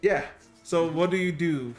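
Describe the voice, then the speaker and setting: Halting male game master over faint music. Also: fairly high pitch. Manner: halting, restarts sentences while describing scenes. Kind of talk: narrating a tabletop game.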